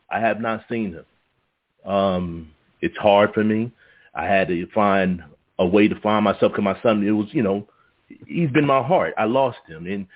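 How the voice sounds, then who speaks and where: A man with a husky, fairly low voice, hosting a talk show in a heartfelt, halting way and often restarting his sentences. The audio is dull and lo-fi. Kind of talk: emotional personal talk, then hosting.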